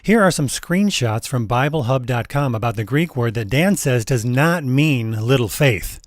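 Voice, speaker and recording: A man giving measured, skeptical commentary in a voice-over. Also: medium pitch, lively intonation, no echo, clean studio sound.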